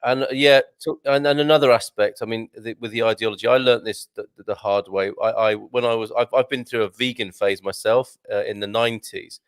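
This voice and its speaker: A man's voice: on the low side, fairly even intonation, brisk, few pauses, smooth, no room sound. A middle-aged man chatting loosely on a live stream, trailing off and restarting his sentences as he reads out comments. The sound is dry and close, with no room around it. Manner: rambling, many restarts, chuckles. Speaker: co-host reading viewer comments. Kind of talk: casual chat on a live stream.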